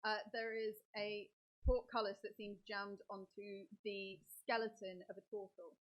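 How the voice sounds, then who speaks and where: A woman running the table as dungeon master, her voice sitting at a middle pitch. She lays out each scene in a measured way, pausing on ums as she builds the picture for the players. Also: flat delivery, lo-fi sound. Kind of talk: narrating a tabletop game.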